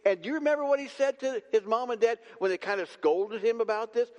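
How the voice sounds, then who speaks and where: A man preaching a sermon as pastor, dramatic and slowing his words for emphasis. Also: extremely high pitch, darkish tone. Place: church sanctuary. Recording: long church reverb.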